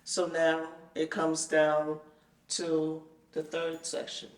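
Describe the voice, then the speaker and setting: A woman telling her own story in a casual chat, animated and acting out the conversations she retells. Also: deep voice, takes it slowly. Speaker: guest telling her experience. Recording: roomy sound, mic at a distance.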